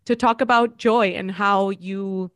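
A woman's voice: medium pitch, fairly even intonation, unhurried, dry recording, studio quality. A woman hosting a recovery podcast, encouraging her guest and openly moved to tears. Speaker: podcast host. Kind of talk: conversational interview.

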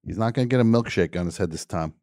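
Grumbling radio host with a low voice. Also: male voice, quick pace, a little mellow, no room sound, studio quality. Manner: grumbling, exasperated storytelling with mock outrage. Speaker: radio call-in show host. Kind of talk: comedic call-in radio rant.

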